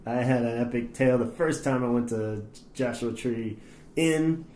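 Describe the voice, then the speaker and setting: A man's voice: mid-range voice, normal speed, a little mellow, echoey room. A man co-hosting a podcast, telling a long story in casual chat, swearing and laughing often. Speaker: podcast co-host.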